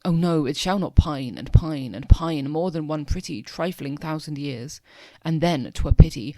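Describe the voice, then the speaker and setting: A man's voice: fairly high pitch, darkish tone, no echo, close to an everyday voice. A young man reading the part of a cruel sorceress goddess, taunting in mock-tender verse.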